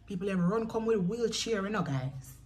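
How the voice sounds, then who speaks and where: A woman's voice: medium pitch, animated, moderate pace, darkish tone, slight background noise. A young Jamaican woman in a chatty storytelling vlog who speaks straight to her viewers. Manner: chatty, addresses viewers directly, acts out quoted voices. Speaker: vlogger.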